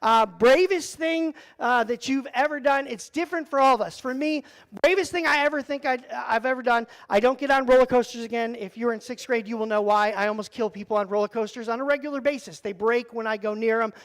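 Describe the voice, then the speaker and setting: A youth pastor man with a high-pitched voice, speaking to a youth group. He tells his story in an animated, joking way, with plenty of "like" and "um" fillers. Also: brisk.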